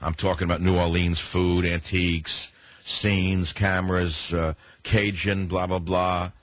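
Gravelly older New York radio host. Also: male voice, sits low, level tone, a little slow, fairly bright tone. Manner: rambling, combative, digressive. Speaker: radio talk show host. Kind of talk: opinionated talk radio monologue.

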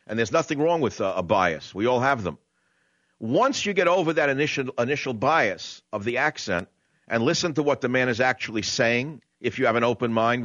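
Brash New York talk radio host. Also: male voice, lowish voice, a bit bright, dry recording, muffled recording. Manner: brash, conversational, drawn-out emphasis. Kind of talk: opinionated talk radio monologue. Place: radio studio. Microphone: studio condenser microphone.

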